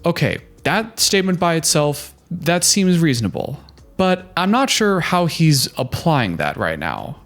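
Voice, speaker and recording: Very animated yet measured in pace, a young man with a fairly bright, higher-side voice gives an opinionated TV recap for his reaction video. He's heated and sarcastic, mimicking quoted lines mockingly.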